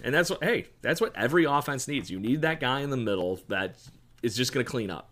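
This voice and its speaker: A man's voice: mid-range voice, lively intonation, brisk, a bit bright. A man hosting a casual sports podcast, joking and laughing often as he rambles through his points. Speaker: podcast host.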